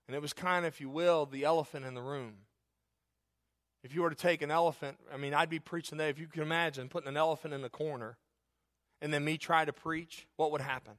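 A middle-aged male pastor preaching a sermon in a conversational way, with joking asides and loud, emphatic stretches. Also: on the high side.

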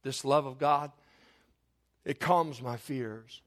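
A man's voice: medium pitch, slow pace. A middle-aged man, preaching a sermon as pastor and telling homespun stories with many restarts and asides. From Eastern Kentucky.

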